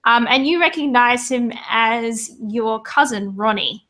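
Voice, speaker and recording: A woman's voice: fairly high pitch, unhurried, fairly bright tone. A woman narrating a tabletop game as game master, hesitant with many fillers.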